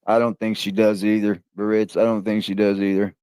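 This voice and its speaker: A man on a livestream, sick and low on energy, talking in a crude, slangy way with lots of swearing. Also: level tone, fairly quick, mellow, clear, resonant tone, dry recording, clean studio sound. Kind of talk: livestream chat.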